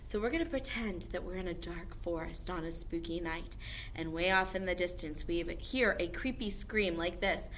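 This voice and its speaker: A woman music teacher leading an online music lesson for young children, with an animated sing-song manner. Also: fairly low pitch, moderate pace, a little hiss or hum. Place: indoor classroom.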